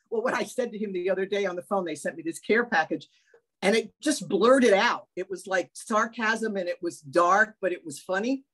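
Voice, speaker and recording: An older woman talking candidly on a video call, animated and self-mocking, swearing now and then. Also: mid-range voice, normal speed. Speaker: workshop participant. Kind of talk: emotional personal sharing on a video call.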